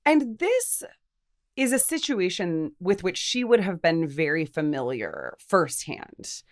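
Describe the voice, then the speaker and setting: Woman, young adult, co-host; lively, lower voice, animated philosophical chat. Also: slow pace. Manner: lively, thoughtful, frequent fillers. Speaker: podcast co-host. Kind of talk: casual philosophical discussion.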